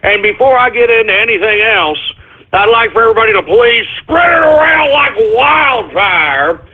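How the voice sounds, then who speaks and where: A man's voice: very high-pitched, expressive, normal speed, husky. A man hosting his own talk radio show, rambling in a comic monologue and breaking off to scold his crew and his dog in exasperation. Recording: phone-like narrow-band audio.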